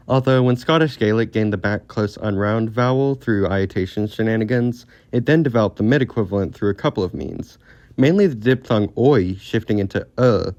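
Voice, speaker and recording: A man giving a scripted, steady, lightly informal explainer narration as a video creator. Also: fairly low pitch, no room sound.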